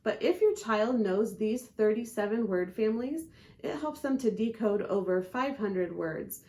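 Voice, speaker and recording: A woman's voice: medium pitch, dark tone. Patient woman teaching spelling. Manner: patient, methodical, sounds out letters and syllables slowly. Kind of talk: instructional video for parents.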